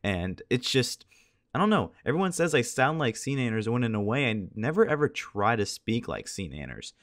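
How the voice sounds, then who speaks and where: A man's voice: medium pitch, very animated, moderate pace, fairly bright tone, no room sound, studio quality. A teenage boy chatting casually over gameplay as a video commentator, tired and a little scratchy-voiced, rambling along and laughing at himself. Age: teens.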